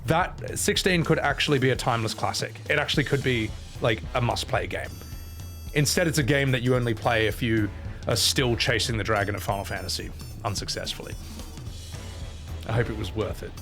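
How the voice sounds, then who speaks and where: A male streamer giving casual, ranting game commentary at a middle pitch. His tone is sarcastic and he swears freely as he complains about the series. He talks straight to his chat. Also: a little fast, fairly bright tone, faint music behind.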